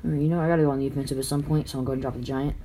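A man's voice: mid-range voice, little pitch movement, very fast, dark tone, slight background noise. A teenage boy chatting casually while playing a mobile game, rambling and telling stories with animation. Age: teens. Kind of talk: casual gaming chat.

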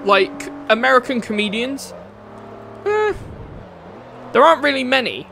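A gaming streamer from the UK rants casually as he plays a racing game, his very high voice gravelly, bright and forceful, very animated but a little slow. Opinionated and blunt, he swears now and then and laughs at his own jokes, with a little hiss or hum in the audio.

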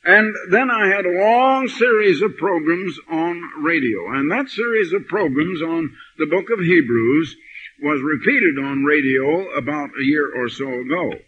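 An older man preaching a sermon, telling stories and reading scripture slowly and with emphasis, on an old lo-fi recording. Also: fairly high pitch, animated, slight background noise. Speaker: pastor. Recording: dull lo-fi archive sermon recording.

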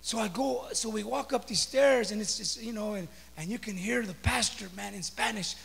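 A pastor preaching a sermon, telling a story with stammering restarts and building up to shouts. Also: male voice, sits high, normal speed, vocal fry, husky. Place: church sanctuary. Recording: echoey church hall.

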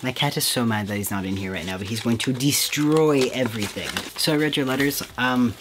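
Give me a soft-spoken, sentimental vlogger from Quebec chatting casually to camera at home. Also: medium pitch, fairly quick, background noise. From Quebec, Canada. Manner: soft-spoken, sentimental, often says "heckin'". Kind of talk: casual unboxing chat to camera. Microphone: camera mic with ring light.

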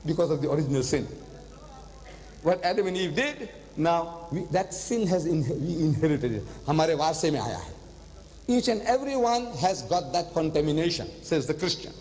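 An older man giving an animated religious lecture, telling stories and slipping in phrases. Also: a little high, normal speed. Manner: animated storytelling, switching into Hindi-Urdu phrases. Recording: long hall reverb.

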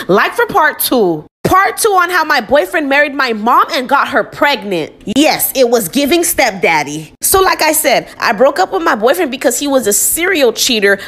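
A woman's voice: on the high side, fairly bright tone. A young woman telling a storytime in a chatty way, talking straight to her listeners. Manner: chatty, addresses listeners directly. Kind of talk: scripted storytime narration.

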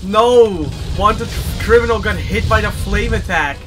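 A young man streaming a game, chatting casually, excitable and swearing a lot. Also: sits high, measured pace. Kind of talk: casual gaming chat. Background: game music.

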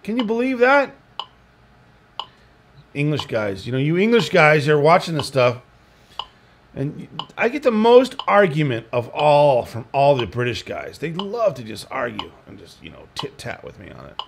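A man's voice: mid-range voice, sing-song, normal speed, gravelly. A man, teaching guitar in a casual, rambling way, with joking asides and counted beats. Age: 60s. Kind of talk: casual spoken lesson. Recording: audible background noise.

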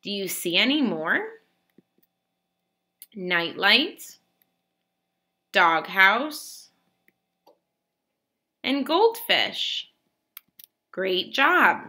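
A woman teacher giving a slow, clearly spoken lesson to young children, praising them often. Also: medium pitch, very animated, pushed and bright.

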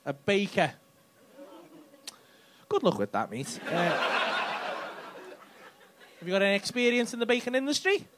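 His pitch sits high and swoops wildly while he speaks slowly, pausing often, in a very noisy recording. The stand-up comedian cheekily ribs audience members on a club stage, cursing as he goes, with faint laughter behind him.

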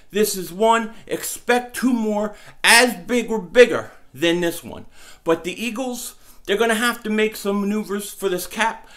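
A man talking in a casual sports vlog, excited and rambling, his speech slurred because half his face is numb from the dentist. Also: high voice. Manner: excited, rambling, repeats himself. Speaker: sports vlogger.

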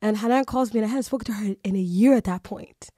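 A woman's voice: mid-range voice, quick pace, mellow, no echo, clean studio sound. A woman hosting a podcast, chatting casually and animatedly, with lots of "you know" and "like" fillers. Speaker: podcast host.

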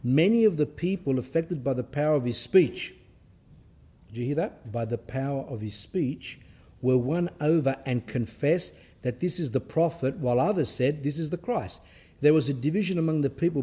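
A man with a mellow, warm voice at an ordinary middle pitch gives a religious talk. He reads passages aloud, then explains them in a loose, conversational way, often restarting his sentences. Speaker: Orthodox speaker giving a talk. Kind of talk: sermon talk with scripture reading and commentary.

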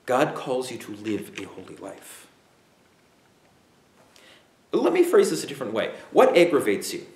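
A man preaching a sermon as pastor, emphatic, with dramatic pauses and acted-out asides. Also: mid-range voice, huge pitch swings, darkish tone, echoey room.

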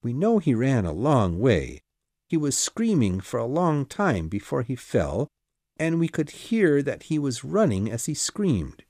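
A man voicing an urgent, commanding middle-aged male detective in an audiobook, with brisk exclamations and reasoning. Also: medium pitch, wildly swooping pitch, a little mellow, no echo, clean studio sound, heavily acted. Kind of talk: audiobook character reading.

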